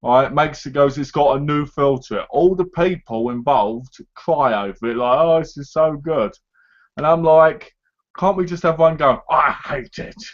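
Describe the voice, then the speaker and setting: This live stream host chats casually with his audience, voicing other people's lines along the way. His voice is a little high and his pace a little slow, and the stream audio sounds dull and lo-fi.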